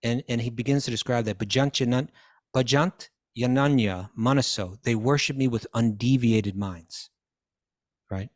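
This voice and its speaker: A man's voice: medium pitch, moderate pace, darkish tone, no room sound, studio quality. A man teaching scripture in a question-and-answer talk, quoting Sanskrit verses, translating them and often restarting his phrases.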